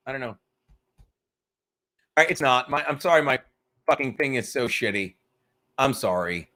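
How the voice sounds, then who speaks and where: A man's voice: mid-range voice, animated, moderate pace, long pauses, bright, forceful tone. A man hosting a casual livestream chat, rambling and joking as he tells a story, cursing freely. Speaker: podcast host.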